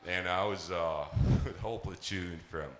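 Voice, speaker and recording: A male stand-up comedian from Palestine, telling stories on a live stage in an animated, profane way. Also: deep voice, normal speed, slight background noise. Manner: animated, profane, laughing through his lines. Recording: echoey live venue.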